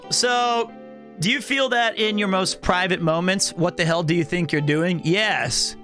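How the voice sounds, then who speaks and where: A high-pitched man with a bright, forceful voice, telling a story on a livestream. He talks casually, swears freely and acts out the people he quotes. He stays animated throughout. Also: unhurried, faint music behind. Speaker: streamer.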